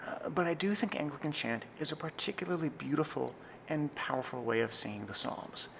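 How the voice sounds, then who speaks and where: Man, church music director, earnest instructional tone, gravelly fry, faint background noise. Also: fairly high pitch. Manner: measured, earnest, reads slowly and deliberately in demonstrations. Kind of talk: scripted instructional talk.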